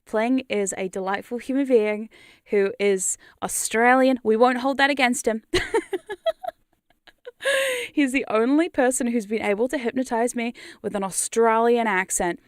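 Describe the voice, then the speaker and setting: A woman's voice: a little high, unhurried, clear, resonant tone, dry recording, studio quality. A woman chatting casually on a livestream as a hypnosis creator, rambling playfully, laughing often and swearing freely. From New Zealand. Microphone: studio condenser mic.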